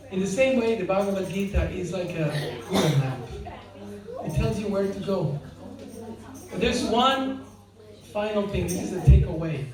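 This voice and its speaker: A devotional speaker giving an informal spiritual talk, joking and quizzing the audience with frequent laughter. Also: mid-range voice. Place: large hall with audience. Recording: very echoey hall, mic far off, audience.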